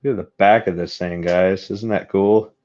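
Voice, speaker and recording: A man's voice: deep voice, fairly even intonation, moderate pace, a little mellow. A man live-streaming while casting metal, talking to his chat, frustrated and joking at his own expense. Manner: frustrated, self-deprecating, talks to chat. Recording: dull lo-fi sound.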